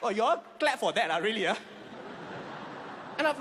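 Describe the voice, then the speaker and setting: Stand-up comic, male, Malaysian English accent, very high voice, echoing hall. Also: moderate pace, slight background noise. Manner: animated storytelling with shrill acted voices. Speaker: stand-up comedian. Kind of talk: stand-up comedy. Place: comedy stage before a live audience.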